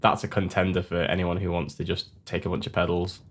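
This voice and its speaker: A man's voice: sits low, flat delivery, fast talker. A man co-hosting a podcast, chatting eagerly about guitar gear and jumping in with answers. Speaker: podcast co-host.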